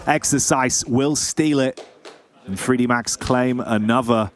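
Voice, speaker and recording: A man's voice: medium pitch, unhurried, soft background music. Jokey male esports color caster. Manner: jokey, chatty, says mate and man a lot. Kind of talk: color commentary. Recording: game gunfire audible behind.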